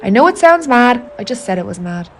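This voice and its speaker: Irish woman, fairly high voice, telling her strange dreams in an intimate, sweary monologue. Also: very animated, brisk, a little hiss or hum. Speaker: narrator of an autofictional audio artwork. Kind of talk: confiding spoken-word monologue.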